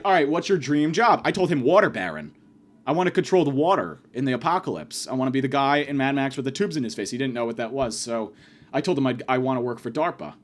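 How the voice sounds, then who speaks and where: A young man ranting in a profane, exasperated comedy monologue. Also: medium pitch. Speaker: podcast host. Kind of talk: comedic rant.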